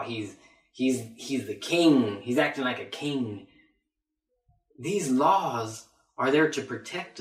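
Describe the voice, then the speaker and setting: Slow, emphatic male preacher. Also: medium pitch, a bit bright. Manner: emphatic, repeats phrases. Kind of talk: Bible teaching sermon. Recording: roomy echo.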